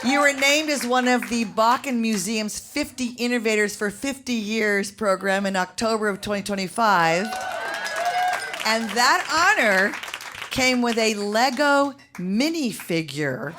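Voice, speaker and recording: A woman hosting a live stage interview, chatty and animated with quick asides. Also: on the high side. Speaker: host. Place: live venue with audience. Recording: live show with crowd and noise.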